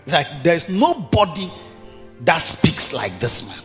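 Slow, lively-pitched male preacher. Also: faint music behind. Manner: reads scripture in slow, drawn-out King James cadence; rises in pitch when repeating phrases for emphasis. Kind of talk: sermon. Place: church hall. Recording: muffled church recording, long hall reverb.

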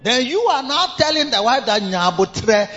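An older man with a Ghanaian accent preaching a sermon in an animated way, bursting into shouts and slipping in local phrases. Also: extremely high pitch, a little fast. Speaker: pastor. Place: large cathedral hall. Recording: dull reverberant hall with music.

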